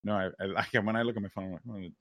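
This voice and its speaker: A man in easygoing podcast banter, rambling and joking with bits of mock outrage. His voice is bright and forceful. The recording is dry and close. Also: lowish voice, steady tone, racing, dry recording. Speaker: podcast co-host. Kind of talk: casual chat.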